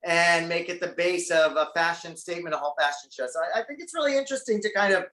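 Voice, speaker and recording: A man's voice: fairly high pitch, fast, pushed and bright, echoey room. A man as a guest on a talk show, chatting casually and animatedly about his career. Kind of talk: casual interview chat.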